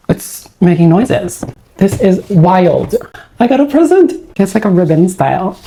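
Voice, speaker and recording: A woman films an excited unboxing for her vlog, gushing and awestruck and shaky with excitement. Her voice sits a little low and sounds mellow and soft-edged. She keeps losing her words. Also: measured pace, long pauses. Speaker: unboxing vlogger.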